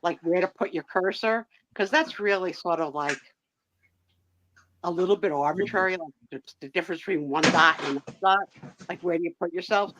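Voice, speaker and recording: In a fairly low voice and at a slightly quick pace, a woman chats casually while hosting a live sale, spinning stories and frequently laughing. The background is noisy, and the recording has a dull, dry, lo-fi quality.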